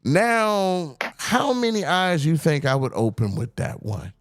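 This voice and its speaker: A man hosting a podcast in casual chat, talking in an animated, profane way and often mimicking other people's voices. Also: a little high, measured pace, dry recording, studio quality. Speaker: podcast host.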